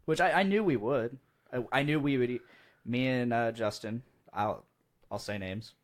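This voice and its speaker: A man's voice: mid-range voice, moderate pace. A young man hosting a podcast in casual chat, who laughs often and stumbles over his words. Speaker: podcast host.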